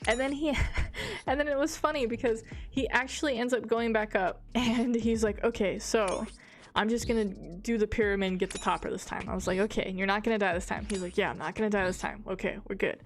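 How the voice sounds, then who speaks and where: A woman's voice: mid-range voice, quick pace. A woman streamer casually telling a funny gaming story, giggling often, swearing, and quoting a friend's lines. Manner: giggly, swearing, animated retelling with quoted dialogue.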